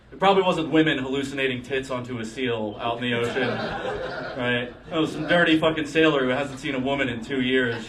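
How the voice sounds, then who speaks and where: A man's voice: mid-range voice, distant mic. A young man doing a rambling, crude stand-up comedy set in a bar, often laughing at his own jokes. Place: bar stage with a live audience.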